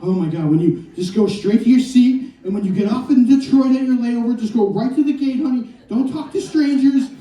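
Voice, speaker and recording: Man doing a high, fretful, overprotective mom, echoey club, mic at a distance. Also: a little fast, few pauses, dark tone. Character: panicky overprotective mother fussing over her son.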